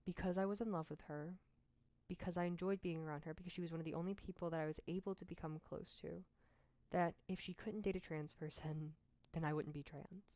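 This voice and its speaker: A young woman from Mississippi speaks straight to camera, telling her own story in a candid, frank manner. Her voice sits a little low for a woman and sounds dry and close, with no room echo. She keeps it conversational and throws in self-deprecating asides. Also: steady tone, a little fast, mellow. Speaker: vlogger.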